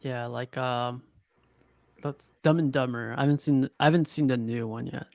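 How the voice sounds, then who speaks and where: Gravelly man hosting a casual chat. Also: mid-range voice, fairly even intonation, moderate pace, a little mellow, no room sound. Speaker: podcast host reading chat comments.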